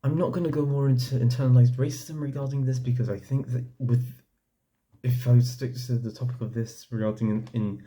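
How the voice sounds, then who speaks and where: A young man with a very deep, mellow and dark tone talks through his opinions as a casual vlog. He rambles, circles back and fills gaps with "like" while he gathers his thoughts. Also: steady tone, a little fast. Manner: rambling, frequent "like" and restarts. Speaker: vlogger.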